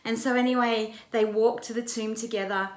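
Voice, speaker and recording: A woman's voice: on the high side, fairly even intonation, fairly quick, reverberant. A woman pastor retelling a Bible story in a conversational way, with vivid narration. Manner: vivid retelling, acts out quoted lines.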